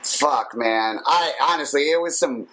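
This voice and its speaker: A man co-hosting a podcast in casual chat, telling stories in a profane, animated way and laughing often. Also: mid-range voice, a little slow, a little hiss or hum, rough recording. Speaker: podcast co-host.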